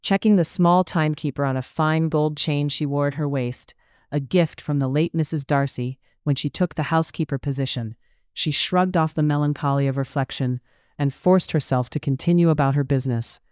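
An audiobook narrator reading a period novel in a measured, even storytelling manner, recorded on a studio microphone. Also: medium pitch, smooth, no echo. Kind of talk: scripted narration.

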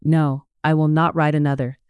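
An audiobook narrator voicing a grieving, dazed young gentleman who sobs and slurs as he prattles on, in a dry, smooth studio read. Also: mid-range voice, little pitch movement, moderate pace, no echo, lightly acted. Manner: sobbing, slurring, prattling. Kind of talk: audiobook character reading.

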